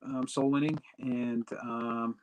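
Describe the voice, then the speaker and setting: A man's voice: medium pitch, slow. Casting: male pastor, interview guest, rambling anecdotal storyteller, plain mid-range voice. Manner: rambling, animated, many fillers and restarts. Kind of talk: casual storytelling.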